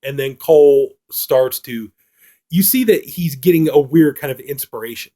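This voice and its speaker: A man's voice: medium pitch, moderate pace, warm tone. A man reviewing a film in a casual, rambling retelling, full of fillers.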